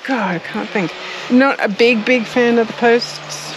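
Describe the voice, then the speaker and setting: Speaking at a measured pace with a steady tone, this woman's voice sits on the high side. She's an Australian gardening-channel co-host having a casual chat out in her garden, laughing a lot and groping for words amid background noise.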